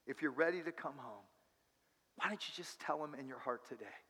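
A pastor telling a story in a sermon, dramatic, moving from hushed to loud. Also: male voice, on the high side, normal speed, husky. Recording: long hall reverb.

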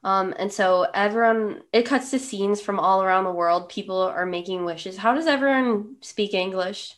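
A woman's voice: medium pitch, moderate pace. A woman co-hosting a casual podcast, recapping a film scene by scene with sarcastic, mocking commentary. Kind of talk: casual chat.

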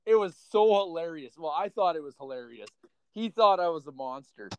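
A man's voice: on the high side, lively intonation, brisk, a loud crowd, rough recording. A man in casual chat, rambling and profane, telling stories with frequent laughter.

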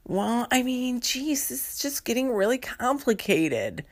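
A woman's voice: fairly high pitch, big pitch swings, a little slow, voice pushed up. A woman putting on a flustered, whiny librarian lady. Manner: dithering, overwhelmed, full of hesitations.

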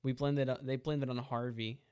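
A man's voice: medium pitch, little pitch movement, a little fast, a little mellow, smooth. A young man chatting casually in a laid-back, jokey way. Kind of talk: casual chat.

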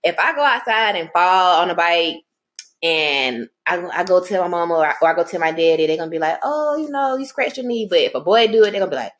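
A woman's voice: lowish voice, quick pace. A woman co-hosting a podcast in casual chat, telling stories with animation and acting out the voices of the people she quotes. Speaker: podcast co-host.

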